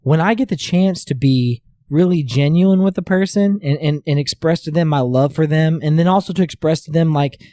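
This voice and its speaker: A man's voice: a little high, normal speed, few pauses, mellow, dry recording, studio quality. Earnest, reflective man on a podcast. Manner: earnest, reflective, repeats phrases while thinking. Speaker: podcast host. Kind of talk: casual chat.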